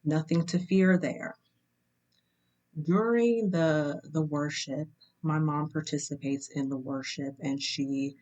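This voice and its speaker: A young woman hosting her channel, telling a personal story in a casual, measured way and checking in with "right?" asides. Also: deep voice, a little mellow.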